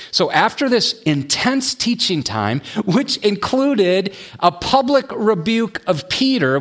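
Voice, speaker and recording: Man preaching, slightly high voice. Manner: expressive preaching, drops low and quiet on key words. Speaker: pastor. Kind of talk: sermon.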